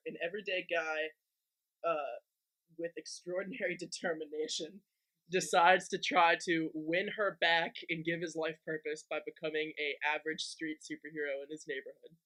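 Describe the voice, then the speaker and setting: A man's voice: a little high, fairly even intonation, moderate pace, pushed and bright, poor audio. A young man co-hosting a podcast, chatting casually, joking crudely and explaining things at length. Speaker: podcast co-host. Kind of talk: casual chat.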